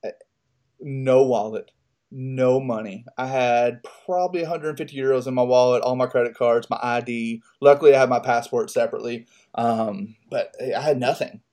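A man in casual podcast chat, spinning a long story in a loose, profane way. His voice sits at an ordinary middle pitch, and he laughs at his own misfortunes as he goes. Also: normal speed, darkish tone. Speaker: podcast co-host.

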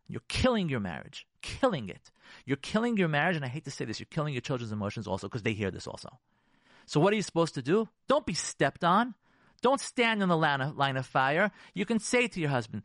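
Emphatic, lively-pitched man lecturing on marriage. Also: a little fast, no room sound, clean studio sound. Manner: emphatic and repetitive, preacherly; drops Hebrew and Yiddish terms. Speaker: rabbi giving a marriage talk.

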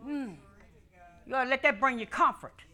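Woman preacher, high-pitched, rhythmic and fervent, repeats lines, goes from hushed to shouting. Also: normal speed. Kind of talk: call-and-response sermon.

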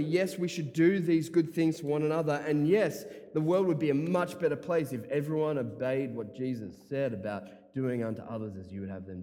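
A man's voice: mid-range voice, dark tone. A man preaching a sermon as pastor, emphatic, repeating key phrases and dropping in casual asides. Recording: long hall reverb.

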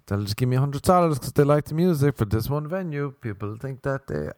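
A man's voice: mid-range voice, expressive, brisk, few pauses, darkish tone, dry recording, clean studio sound. A young man hosting a podcast, rambling through comic stories with plenty of swearing. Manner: rambling, swearing, jumps between silly impressions. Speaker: podcast host.

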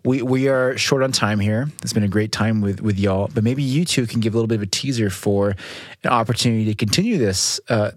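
A man's voice: lowish voice, fairly quick, dry recording, studio quality. A man hosting a podcast, talking in an easygoing, conversational way. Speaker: podcast host. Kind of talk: casual chat.

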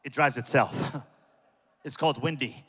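A male pastor preaching a sermon to a large church, impassioned and humorous, building up to shouts. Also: mid-range voice, steady tone, unhurried, slightly rough. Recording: long hall reverb.

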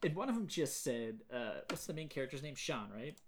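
A man hosting a podcast, casually retelling movie scenes in an animated way and quoting lines. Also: mid-range voice, a little fast, a little hiss or hum. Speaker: podcast host. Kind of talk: casual chat.

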